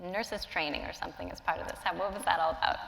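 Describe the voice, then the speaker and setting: A woman's voice: on the low side, fairly even intonation, fast, creaky, fairly bright tone, big-room sound, low-quality recording. A woman moderator asking playful, teasing questions on a stage. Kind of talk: interview questions.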